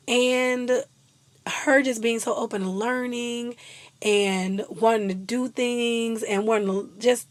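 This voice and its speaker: A young woman hosting her own channel, chatting casually and excitedly about a TV series and acting out characters' lines in quick little voices. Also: fairly high pitch, no echo. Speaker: YouTube host. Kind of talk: casual TV show recap.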